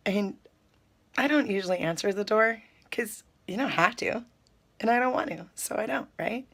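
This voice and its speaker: A woman, chatting to her viewers in an animated, storytelling way while sipping coffee. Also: mid-range voice, moderate pace, gravelly. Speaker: spiritual vlogger. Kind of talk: casual spiritual talk to viewers.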